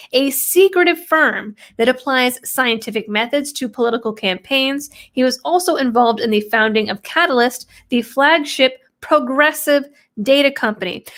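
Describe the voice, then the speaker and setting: A woman's voice: fairly high pitch, a bit bright. Sarcastic woman reading political commentary. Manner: sarcastic, quotes text then mocks it. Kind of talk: reading and commenting on a news article.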